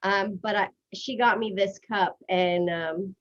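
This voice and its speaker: A chatty woman hosts a casual live stream, rattling on quickly and laughing at herself. Her pitch sits mid-range, and the stream audio is a little dull and lo-fi. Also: fairly even intonation. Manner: fast, chatty, self-deprecating, giggly. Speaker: host.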